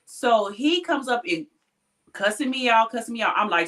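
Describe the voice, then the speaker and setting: A hospital technician tells a story from her job in casual chat, at normal speed. She's blunt and animated, swears freely, and her pitch jumps up whenever she quotes someone.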